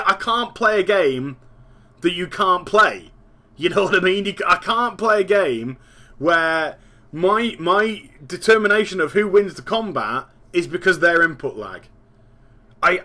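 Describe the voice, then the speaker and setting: A man in his thirties rants about a game in a casual, exasperated monologue. He swears freely, repeats himself and laughs at his own jokes. His voice is bright and sits a little high. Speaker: gaming podcast host.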